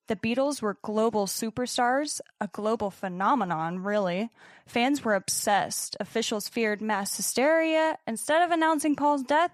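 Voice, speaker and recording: A young woman co-hosting a podcast, telling a story in partly scripted narration with dramatic pauses and casual swearing. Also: a little high, dry recording, clean studio sound. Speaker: podcast co-host.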